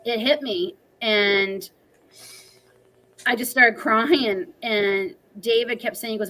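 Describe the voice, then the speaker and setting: A woman's voice: a little high, steady tone, takes it slowly, bright, forceful tone, poor audio. A woman in her forties, a livestream guest, telling a personal story in an earnest, emotional, talkative way.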